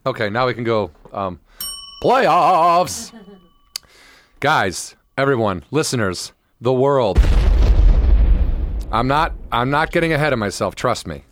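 A man co-hosting a casual podcast, rambling excitedly about sports and now and then bursting into loud impressions. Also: medium pitch, normal speed, slight background noise. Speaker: podcast co-host. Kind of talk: casual chat.

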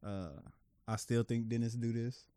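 A man co-hosting a podcast in casual chat, animated and argumentative, swearing freely. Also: medium pitch, moderate pace, clear, resonant tone, dry recording, studio quality. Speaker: podcast co-host.

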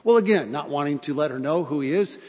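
A man's voice: a little high, expressive, fast, a little mellow, in a large hall. A male pastor preaching a sermon in an earnest way, repeating phrases for emphasis and asking his congregation questions.

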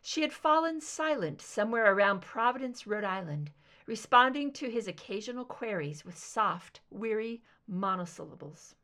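Woman reading a story with lively intonation. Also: mid-range voice, moderate pace. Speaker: audiobook reader. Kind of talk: fan fiction reading.

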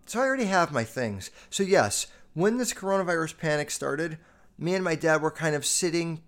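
A young man from the United States talks through a casual podcast monologue. His voice sits slightly high for a man, and he swears freely. His pitch and loudness jump around as he tells his stories. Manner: profane, animated storytelling with quick jumps in pitch and loudness. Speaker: podcast host.

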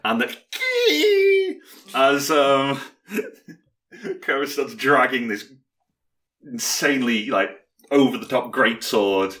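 Man, game master, narrating tabletop play, halting, lots of fillers. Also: mid-range voice, steady tone, pushed and bright. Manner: hesitant, many fillers and restarts.

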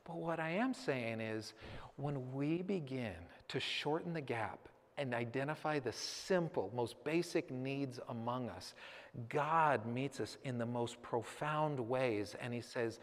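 A man's voice: mid-range voice, animated, a little slow. Man telling a story in an echoing hall. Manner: vivid storytelling, acting out the scene; earnest, reflective close. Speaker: speaker addressing a church audience. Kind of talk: personal story told from a stage. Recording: long hall reverb.

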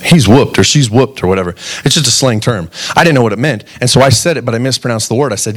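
A man's voice: medium pitch, lively intonation, brisk. A man in his thirties preaching a sermon in an earnest, conversational way, putting direct questions to his listeners. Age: 30s. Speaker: pastor.

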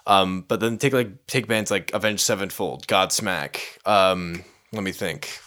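A young man co-hosting a podcast, rambling and excitable in casual chat, swearing often. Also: sits low, unhurried. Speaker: podcast co-host.

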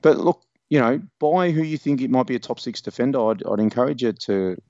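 A man's voice: mid-range voice, animated, brisk, dark tone, no echo, lo-fi sound. An Australian man co-hosting a podcast, ranting profanely and mocking a listener in crude sports banter. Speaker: podcast co-host. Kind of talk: crude fantasy football banter.

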